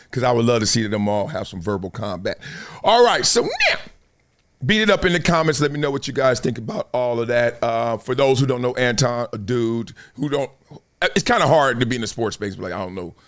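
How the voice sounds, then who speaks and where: A man's voice: mid-range voice, a bit bright. A middle-aged man hosting a podcast, talking in laid-back slang about sports figures. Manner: laid-back slangy talk, breaks into freestyle rap. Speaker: podcast host. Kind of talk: casual commentary.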